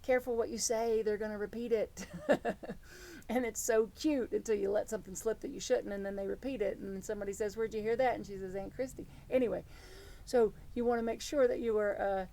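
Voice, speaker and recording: A middle-aged woman preaching a sermon as reverend, telling stories in an earnest, animated way. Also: on the high side. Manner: storytelling, earnest and animated, with many restarts.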